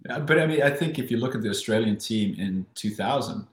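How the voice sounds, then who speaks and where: A fairly low-voiced man from South Africa recalls his swimming days in a lively, storytelling way. He often restarts his sentences and acts out what went through his head. The room around him sounds roomy and echoey. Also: brisk. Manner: animated, with frequent restarts and acted-out inner voices. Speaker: guest, former Olympic swimmer. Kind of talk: casual interview storytelling.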